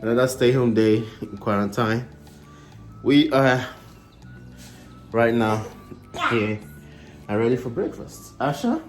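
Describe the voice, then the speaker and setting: A woman's voice: rumbling low, fairly even intonation, slow pace, long pauses. A woman vlogging at home, chatting to her kids in an apologetic, easygoing way while making breakfast. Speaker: vlogger mother. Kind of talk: casual home vlog. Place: home kitchen. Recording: echoey room with music behind.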